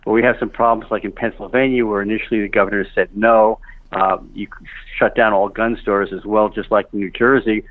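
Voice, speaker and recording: A middle-aged man speaking as a guest over the telephone, steady and factual, with many fillers. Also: lowish voice, fairly quick, no echo. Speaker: phone-in guest. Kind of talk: phone interview. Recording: dry, tinny phone line.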